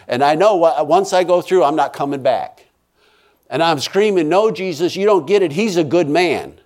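Intense preaching man telling a testimony. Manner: intense, swings from loud pleading to hushed low tones; repeats and restarts phrases for emphasis. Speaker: minister giving a testimony. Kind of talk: emotional testimony storytelling.

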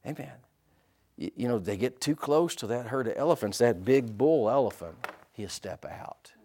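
A man preaching a sermon as pastor, asking his listeners for responses and swinging from hushed to loud. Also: medium pitch, lively intonation, moderate pace, slightly rough. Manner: asks the congregation for responses.

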